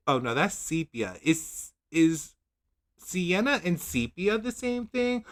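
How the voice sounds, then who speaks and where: Male livestream host, lively up-and-down delivery, rambling and self-doubting. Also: high-pitched, slow. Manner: rambling, self-questioning, laughs at himself; reads product blurbs in a mock-dramatic voice. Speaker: nail polish channel host. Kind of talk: casual livestream chat.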